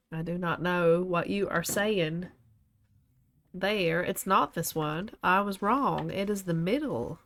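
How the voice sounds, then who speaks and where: A woman with a fairly low voice chats her way through a game stream. She rambles from one aside to the next and laughs often, in a relaxed, casual way. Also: a little hiss or hum. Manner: chatty, laughs often, wanders between asides. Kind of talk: casual gameplay commentary.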